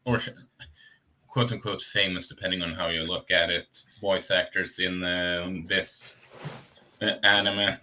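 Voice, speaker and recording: A man co-hosting an anime podcast, talking slowly and haltingly with lots of pauses and fillers. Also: low-pitched, fairly even intonation, pushed and bright. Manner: slow and halting, many uh fillers. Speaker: podcast co-host. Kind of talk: casual chat.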